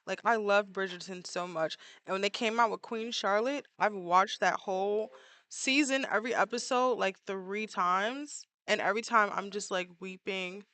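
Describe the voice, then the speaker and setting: A woman with a mid-range voice, speaking at a moderate pace in a pushed, bright way, chats with viewers during a drawing livestream. Her talk is casual and playful, full of fillers.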